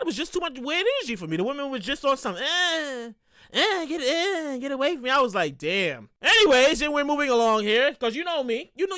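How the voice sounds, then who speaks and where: Animated, high-voiced male podcast host. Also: no echo, clean studio sound. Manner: animated storyteller, acts out voices, repeats himself. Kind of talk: casual solo monologue.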